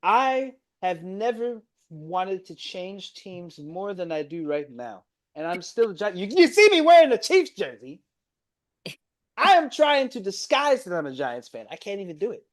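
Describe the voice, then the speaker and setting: A man's voice: high-pitched, very animated, a little slow. A young man, ranting about his football team on a casual reaction stream, exasperated and dramatic. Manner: exasperated, ranting, swings from mumbled gloom to loud outbursts.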